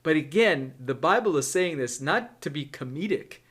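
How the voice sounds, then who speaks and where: Male Bible teacher, animated and emphatic, pitch very lively, keeps checking in with the audience. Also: moderate pace, slightly rough. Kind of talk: Bible reading with commentary.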